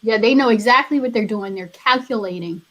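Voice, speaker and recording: A woman's voice: a little high, fairly quick, a bit bright, poor audio. A woman guest on a casual podcast who sounds upbeat and laughs often.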